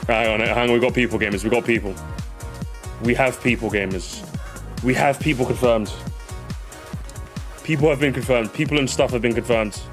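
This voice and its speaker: A man's voice: mid-range voice, fairly even intonation, moderate pace, long pauses. Rambling male streamer over music. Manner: rambling, repeats phrases, keeps calling viewers gamers. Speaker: livestream host. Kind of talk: casual gaming livestream chatter.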